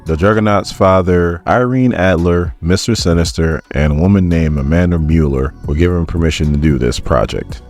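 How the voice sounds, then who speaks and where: A man casually recapping a comic book issue in an animated, chatty way, full of fillers. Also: low-pitched. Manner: animated, chatty retelling with lots of "like".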